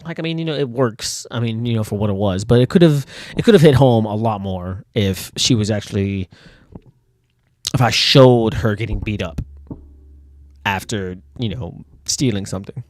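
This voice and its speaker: A comic artist who hosts a channel talks casually about his own comic and reads from it in a lowish voice. He rambles with many fillers, laughs frequently, and is bothered by his nose throughout.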